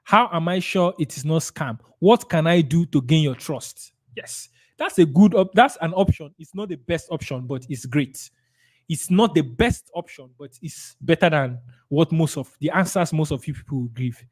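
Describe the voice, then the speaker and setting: A man's voice: on the high side, moderate pace, slightly rough. A man with a Nigerian accent running a live sales training webinar, reading out viewers' answers and role-playing replies to clients. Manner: energetic, reads chat comments aloud, role-plays client replies.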